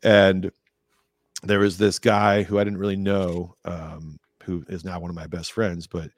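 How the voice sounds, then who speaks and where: A man with a deep, low voice tells long, rambling stories in a relaxed podcast chat, jumping up in pitch whenever he acts out what someone said. The sound is dry and close, with no room around it. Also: a little slow, no echo. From California. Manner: rambling, animated, acts out quotes in a higher voice. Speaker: podcast guest. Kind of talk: casual storytelling interview.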